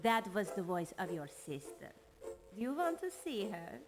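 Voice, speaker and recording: A woman with a German accent voicing a mysterious, cold talking butterfly in a video game, with clear music behind her. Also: medium pitch, big pitch swings, moderate pace. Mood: teasing.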